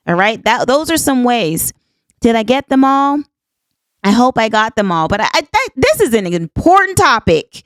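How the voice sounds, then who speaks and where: With a mid-range voice and no echo, this podcast host in her fifties delivers a casual monologue. Her folksy manner comes through in phrases like "honey child" and "y'all," and she's earnest and emphatic, saying things more than once to drive them home.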